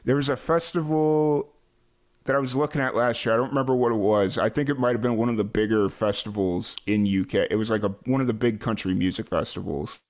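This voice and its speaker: A man's voice: medium pitch, steady tone, fairly quick. Easygoing American man hosting a chat. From United States. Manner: hesitant, many fillers and restarts. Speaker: podcast host. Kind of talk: casual interview chat.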